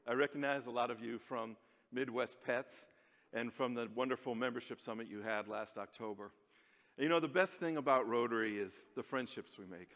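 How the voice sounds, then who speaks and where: Friendly mid-pitched man, keynote speaker, chatty and self-deprecating, long hall reverb. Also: a little fast, a bit bright. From United States. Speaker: conference speaker. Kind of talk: conference keynote speech. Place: large conference hall.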